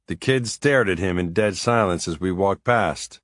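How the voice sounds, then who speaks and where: A man narrating a first-person thriller audiobook in a wry, measured, weary way. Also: low-pitched, fairly bright tone, no room sound, studio quality.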